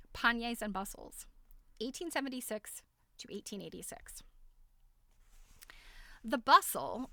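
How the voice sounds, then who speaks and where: A woman's voice: fairly high pitch, fairly bright tone, dry recording. A middle-aged woman hosting a livestream, chatting casually and telling stories with frequent laughs. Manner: chatty, laughs often, storytelling with quoted asides. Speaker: livestream host. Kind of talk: casual chat to a live audience.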